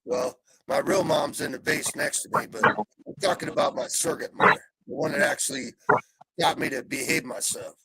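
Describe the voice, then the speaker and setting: Gravelly, profane man with a wild pitch swing. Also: huge pitch swings, brisk, noisy background. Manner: vulgar, loud, abrasive storyteller. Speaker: regular panelist. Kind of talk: casual live panel chat.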